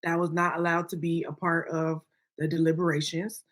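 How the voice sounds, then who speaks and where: A woman's voice: fairly low pitch, little pitch movement, moderate pace. A woman co-hosting a podcast, giving her opinions emphatically and often checking in with "okay?". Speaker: podcast co-host. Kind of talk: opinionated casual chat.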